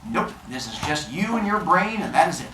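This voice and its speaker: A man's voice: on the high side, brisk. Male teacher talking over a noisy classroom. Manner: dry, sarcastic asides; steady step-by-step explaining. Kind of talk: classroom instruction. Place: classroom full of seventh graders. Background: student chatter.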